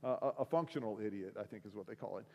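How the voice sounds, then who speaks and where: A middle-aged man from the Seattle area gives a sermon as a relaxed, self-mocking storyteller who uses many fillers. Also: fairly low pitch, very fast, gravelly, lo-fi sound. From Seattle area, USA. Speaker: week of prayer speaker. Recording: long hall reverb.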